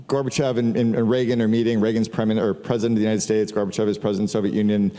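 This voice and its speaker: A middle-aged man gives a casual conference business talk to a live audience in a large hall, where long reverb trails each phrase. His fairly low, mellow, relaxed voice goes rapid-fire with hardly any pauses. He swears now and then and tells stories, acting out the people in them with quoted dialogue.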